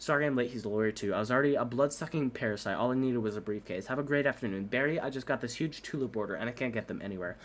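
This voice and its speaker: A man's voice: mid-range voice, rapid-fire, few pauses, a little hiss or hum. A man reading a whole movie script aloud at breakneck speed for laughs, doing every character in his own voice and tripping over words. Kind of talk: rushed comedic script reading.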